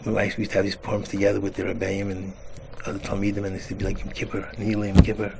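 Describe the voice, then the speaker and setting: A man, a rabbi, telling an animated parable in casual talk, sprinkled with Hebrew and words. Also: fairly low pitch, racing, creaky. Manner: animated storyteller, acts out voices. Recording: noisy recording.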